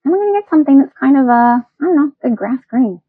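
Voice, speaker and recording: A woman's voice: high voice, animated, quick pace, no echo, narrow, tinny audio. A woman teaching a step-by-step painting lesson in a chatty, playful, self-encouraging way. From Wisconsin. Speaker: painting instructor.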